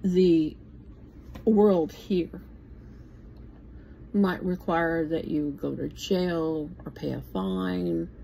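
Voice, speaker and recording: Casting: woman in her sixties, unhurried Bible teacher, blunt and plainspoken, faint hiss behind her. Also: sits low, creaky, warm tone, rough recording. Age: 60s. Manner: blunt and plainspoken, swears casually. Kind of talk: informal bible talk.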